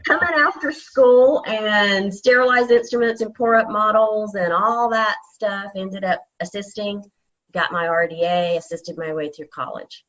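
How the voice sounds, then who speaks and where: A woman's voice: mid-range voice, measured pace, a bit bright. Southern-accented woman on a dull line. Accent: Southern US, North Georgia. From North Georgia, USA. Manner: easygoing, laughs often. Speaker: podcast guest, dental business coach. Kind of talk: casual interview chat.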